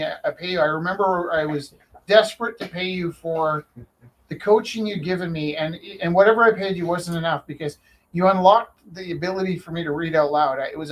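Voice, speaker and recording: Brief: male live-auction host, a bit higher-pitched, stumbles and restarts a lot, faint room noise behind. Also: poor audio. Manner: halting, many restarts and fillers. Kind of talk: casual live-stream storytelling.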